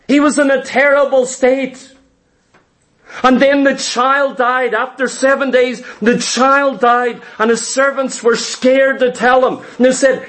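A man's voice: extremely high pitch, fairly even intonation, a little slow, fairly bright tone. A man preaching a sermon, retelling scripture stories dramatically and acting out the quoted voices.

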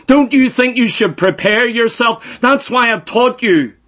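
A man's voice: very high voice, a little slow, fairly bright tone. A middle-aged man preaching a sermon, emphatic and repeating phrases for stress.

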